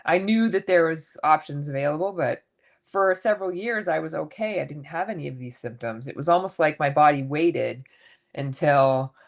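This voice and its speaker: Woman, 50s, low voice, frank storyteller guest on a chat podcast. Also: moderate pace. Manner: candid, animated, swears casually. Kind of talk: casual interview storytelling.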